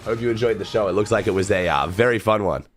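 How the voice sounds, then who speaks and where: A young Australian man streaming, hoarse and rough-voiced, chatting casually with his viewers and swearing easily as he watches a match. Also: fairly low pitch, fast, slight background noise. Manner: laid-back, swears casually, talks to chat. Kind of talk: casual livestream watch-along commentary.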